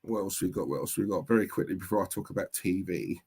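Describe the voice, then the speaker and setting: A man's voice: low-pitched, quick pace, a little mellow, slightly rough. Chatty man with a Cockney accent. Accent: East London Cockney. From East London, England. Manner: chatty, repeats words, blunt banter. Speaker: livestream host reading chat. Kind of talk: casual livestream chat.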